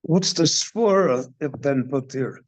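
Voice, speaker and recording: An older man, a rabbi, giving a slow, deliberate Torah class in a synagogue, posing questions and then answering them. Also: mid-range voice, expressive. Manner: measured teaching, poses questions and answers them.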